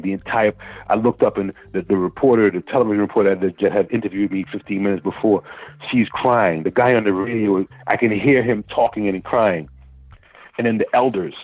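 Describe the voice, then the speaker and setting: A man, a guest poet telling a long story in an interview, animated and repeating words as he searches for them. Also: on the low side, slightly rough, no echo. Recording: phone-line interview with faint music.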